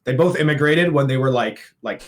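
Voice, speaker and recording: A man's voice: mid-range voice, a little fast. A young man from Ontario, Canada, talking as a podcast guest in casual chat, chatty and full of fillers. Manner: chatty, lots of fillers, puts on funny voices.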